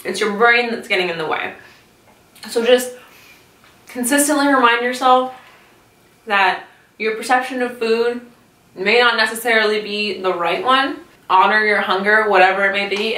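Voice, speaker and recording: A woman's voice: mid-range voice, a bit bright. A young woman chatting casually in a vlog while eating, talking with her mouth full and swearing freely. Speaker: YouTube vlogger. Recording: roomy echo, mic at a distance.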